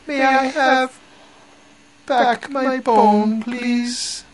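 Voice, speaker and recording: A man voicing a small, angry ghost that wants its bone back, in slow, drawn-out phrases, as if from a distance. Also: medium pitch, fairly even intonation, a little hiss or hum, voice pushed up. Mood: pleading. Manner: slow, drawn-out, rising to a shout.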